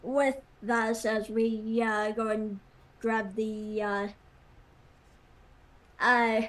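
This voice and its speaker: A woman playing a tabletop game, speaking slowly and hesitantly with many filler words. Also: on the high side, level tone, a bit bright. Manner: slow and hesitant, many uhs. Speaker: player.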